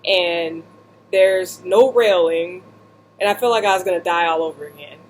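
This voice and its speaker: Animated woman telling a funny story. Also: on the low side, normal speed, slight background noise. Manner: animated, acts out voices and asides. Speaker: vlogger. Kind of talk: humorous personal storytelling. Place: indoors, seated.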